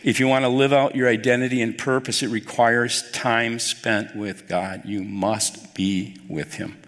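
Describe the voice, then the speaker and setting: A man's voice: mid-range voice, a little slow. Man preaching a sermon in a reverberant hall. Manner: animated storytelling, acting out quoted dialogue. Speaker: pastor.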